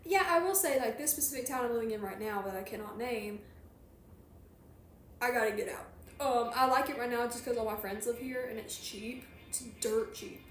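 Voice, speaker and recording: A woman's voice: a little high, normal speed, slight background noise. Chatty Southern woman, echoey room. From Georgia, USA. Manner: rambling, chatty, reads and answers chat. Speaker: streamer. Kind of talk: casual chat while crocheting on a livestream.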